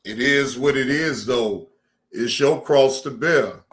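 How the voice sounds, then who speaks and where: A man's voice: medium pitch, takes it slowly, fairly bright tone. A man hosting a reaction stream, commenting casually and calling his viewers family. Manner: laid-back, addresses viewers as family. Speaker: reaction show host.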